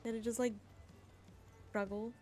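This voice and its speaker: A woman's voice: fairly high pitch, level tone, measured pace, a little mellow, faint music behind. A woman game streamer in casual live-stream chat from a home setup, chatty, laughing often and greeting viewers by name, on a desk mic with her headset off.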